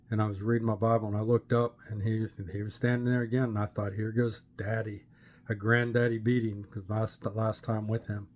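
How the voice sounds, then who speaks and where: An older man from Pittsburgh, Pennsylvania, telling his personal faith story to a camera in an earnest, plain-spoken way with many "uh" pauses. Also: fairly low pitch, a little mellow. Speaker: channel host sharing his testimony. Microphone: camera facing the speaker.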